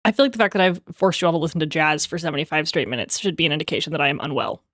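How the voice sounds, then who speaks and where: A young adult woman livestreamer in rambling, casual chat, quick to laugh. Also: deep voice, a bit bright, no room sound, clean studio sound.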